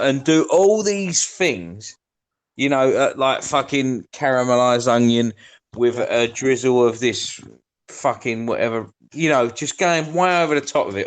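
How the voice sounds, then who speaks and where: A man talks loosely on a podcast. He swears freely and acts out the people in his stories. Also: mid-range voice. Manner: swearing, storytelling with acted quotes. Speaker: podcast host. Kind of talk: casual chat.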